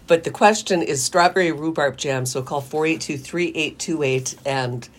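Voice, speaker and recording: A woman co-hosts a radio talk show in easy on-air banter, teasing her partner with frequent laughter. Her voice sits low and sounds husky. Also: normal speed.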